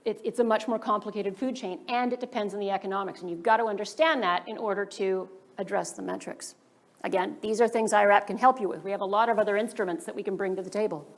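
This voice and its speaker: A woman giving a workshop presentation to startup founders as a government funding advisor, briskly posing rhetorical questions to the audience. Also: medium pitch, steady tone. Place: business school event room.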